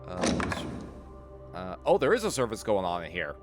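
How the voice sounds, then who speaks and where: A man's voice: low voice, huge pitch swings, normal speed, soft background music. A man casually commenting on a mystery game during a live stream, chatty and wry, swearing and joking with the chat.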